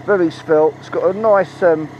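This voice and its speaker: A man with a fairly high voice gives an excitable, swear-happy ride-along motorcycle review. He talks into a helmet mic while riding outdoors. The sound is muffled, and engine and road noise are clearly heard underneath. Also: normal speed. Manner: chatty, excitable, swears freely. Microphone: helmet-mounted mic.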